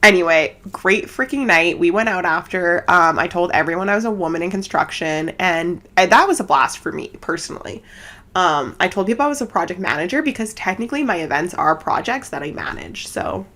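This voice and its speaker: A woman from Canada hosting a casual chat podcast at home, giggly and rambling, talking fast with lots of fillers. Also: lowish voice, animated, bright, forceful tone. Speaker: podcast host. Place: home setup, seated cross-legged.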